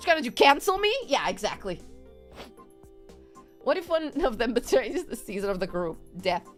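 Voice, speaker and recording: A woman's voice: on the high side, sing-song, normal speed, faint music behind. A woman streamer chatting casually on a live stream, rambling in a giggly, playful way. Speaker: VTuber streamer.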